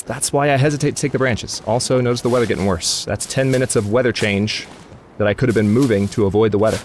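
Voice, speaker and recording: A man's voice: medium pitch, slight background noise. Rambling man narrating his gameplay. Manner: rambling, talks to the game, exasperated asides. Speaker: let's play host. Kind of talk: gaming commentary. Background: game music.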